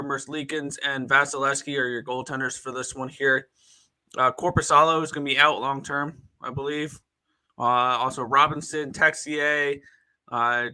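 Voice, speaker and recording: A man's voice: mid-range voice, bright, forceful tone, low-quality recording. A man giving sports betting analysis as a guest on a video call. He is matter-of-fact and rattles off player names.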